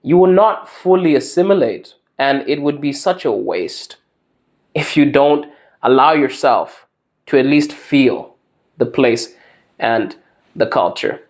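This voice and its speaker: A man's voice: mid-range voice, animated, slow. A man, hosting a podcast and delivering an emphatic advice monologue. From Zimbabwe. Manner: emphatic, preachy. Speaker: podcast host.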